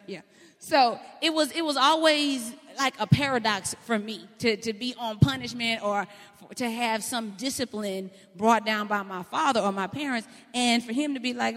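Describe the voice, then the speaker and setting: A woman preacher, delivering a sermon in a folksy, animated storytelling way. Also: on the high side, normal speed. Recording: long hall reverb.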